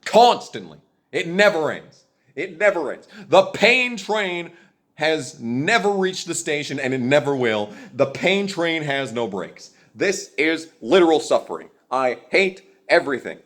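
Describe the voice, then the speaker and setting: A man's voice: fairly high pitch, sing-song, a little slow, a bit bright. A young man in an angry, profane political rant to his viewers, bitter and heated, repeating his points. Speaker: video creator ranting to camera.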